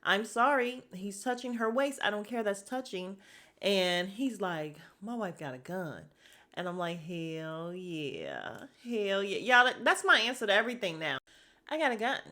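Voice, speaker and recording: A woman's voice: medium pitch, normal speed. A woman hosting a podcast, recapping a reality show in a casual, gossipy way and acting out what the cast members said. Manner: animated, gossipy, acts out quotes. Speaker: podcast host.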